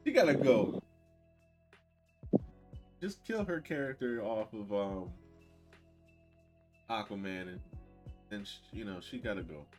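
A man co-hosting a casual podcast chat, blunt and opinionated, laughing loudly and then dropping to a mutter. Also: lowish voice, lively intonation, unhurried, pauses often, faint music behind. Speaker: podcast co-host.

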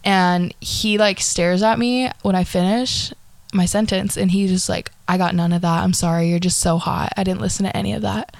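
A young woman tells a dating story to her co-host in loose, casual chat. She is animated, laughs often and swears without a second thought. Her pitch sits in the middle, and the sound is dry and close, with almost no room around it. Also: moderate pace, vocal fry, dry recording. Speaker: podcast co-host.

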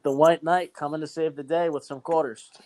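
Teasing man with a slightly high voice. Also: steady tone, a little fast, darkish tone. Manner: dry, teasing questions and quips. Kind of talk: casual chat.

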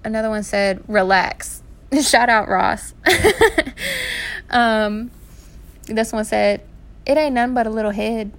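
A young woman, hosting her podcast and telling stories in a casual, animated way. She laughs often and swears freely. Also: fairly high pitch, creaky. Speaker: podcast host. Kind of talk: casual storytelling. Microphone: home recording setup.

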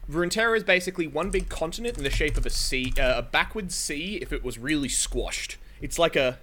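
A man's voice: fairly high pitch, expressive, a little fast, pushed and bright. A man hosting a casual podcast, explaining game lore in a rambling way, full of fillers and the odd swear.

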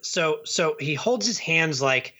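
Rambling man with a bright voice. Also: on the high side, expressive, takes it slowly, dull audio. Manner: rambling, with many restarts and repeated words. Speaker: podcast co-host reviewing movies. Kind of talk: casual chat.

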